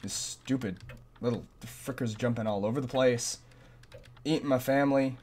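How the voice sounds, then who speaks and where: A man's voice: mid-range voice, moderate pace, a little mellow. A man commentating a horror game as he plays, frantic and self-mocking, often repeating himself in a panic. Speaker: gameplay commentator. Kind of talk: let's play commentary.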